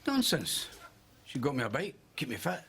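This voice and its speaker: A man's voice: mid-range voice, huge pitch swings, normal speed, gravelly. An actor playing a sprightly, cheeky old man in a sitcom clip, prim and blunt by turns. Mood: indignant. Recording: sitcom clip with loud noise.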